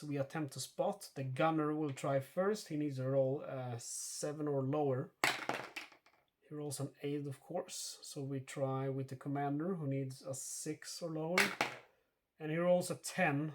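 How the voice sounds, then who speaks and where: A man talks through a solo tabletop wargame, explaining each rule and roll in a casual running commentary. His voice sits a little higher than most men's, and he often stops to restart or correct himself with plenty of fillers. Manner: thinks aloud with many fillers and self-corrections. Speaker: board game player narrating a solo playthrough.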